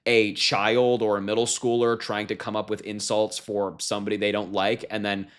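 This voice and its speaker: A man's voice: lowish voice, level tone, moderate pace, fairly bright tone. A young man giving casual political commentary, sarcastic and incredulous, often laughing at what he reads. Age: young adult.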